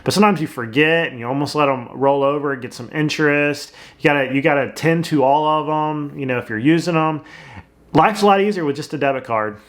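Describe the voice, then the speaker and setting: A man's voice: fairly high pitch, brisk. A middle-aged man, a host, giving blunt, plainspoken advice on money and gambling in casual commentary. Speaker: real estate agent and channel host. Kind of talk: casual talking-head commentary.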